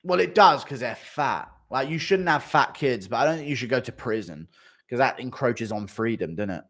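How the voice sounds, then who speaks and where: A man's voice: medium pitch, lively intonation, moderate pace, fairly bright tone. Male streamer, casual and crude, swears a lot, laughs often. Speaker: streamer reading donations. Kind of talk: casual livestream chat.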